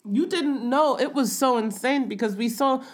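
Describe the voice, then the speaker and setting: A woman's voice: sits high, normal speed. Chatty middle-aged American woman. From United States. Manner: chatty storyteller. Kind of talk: casual chat.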